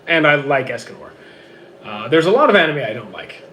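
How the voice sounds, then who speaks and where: A man with a hoarse, worn-out voice reads out viewer questions and answers them offhand in casual livestream chat from home. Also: mid-range voice, very animated, a little fast, fairly bright tone, slight background noise. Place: home with roommates.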